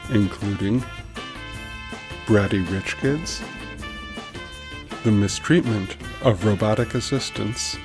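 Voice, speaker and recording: Low-voiced man narrating a story. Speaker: host and narrator. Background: music.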